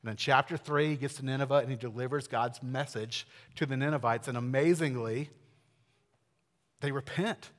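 A man preaching a sermon, telling the story with lively swings between loud and soft. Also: mid-range voice, normal speed. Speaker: pastor. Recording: long hall reverb.

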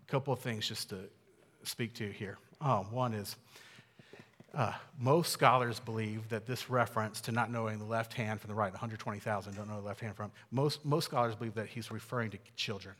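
A man preaching a sermon in an earnest way, dropping to hushed tones and then building to emphatic peaks. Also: fairly low pitch, fairly even intonation, a little fast. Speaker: pastor. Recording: long hall reverb.

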